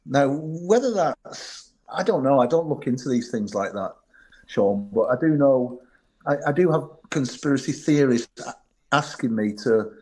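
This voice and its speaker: Medium-pitched, expressive and a little mellow, this man talks at a moderate pace. He's a middle-aged ex-bodyguard giving an interview full of stories, replaying old exchanges and frequently restarting his lines.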